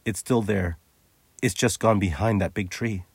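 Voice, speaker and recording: A man voicing the eldest boy, steady and leaderly, with a firm, reasoning delivery. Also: lowish voice, a little slow, gravelly, breathy edge, no echo, studio quality, full character voice. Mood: tense.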